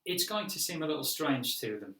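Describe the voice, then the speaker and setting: A man with a British accent, an English teacher giving a clear, deliberate online lesson and acting out greetings. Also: a little high, big pitch swings, pushed and bright, echoey room.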